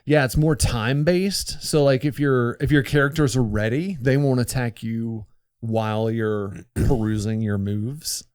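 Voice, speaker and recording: A man's voice: mid-range voice, a little slow, hardly any pauses, a little mellow, clean tone, no echo, clean studio sound. A man hosting a comedy let's-play, chatting casually and laughing while he plays. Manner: laughing, self-deprecating, lots of fillers. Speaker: host playing the game.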